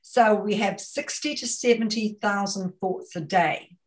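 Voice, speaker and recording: A woman's voice: medium pitch, a little slow. A woman with a New Zealand accent giving a webinar talk as a communication consultant, emphatic and fond of rhetorical questions and repeated phrases. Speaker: guest speaker, communication consultant.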